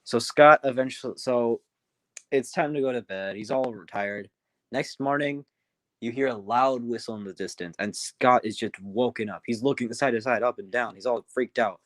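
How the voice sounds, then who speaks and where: A man's voice: mid-range voice, moderate pace, a bit bright, no echo. A man casually telling a story on a livestream, rambling with many restarts. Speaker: storyteller, streamer.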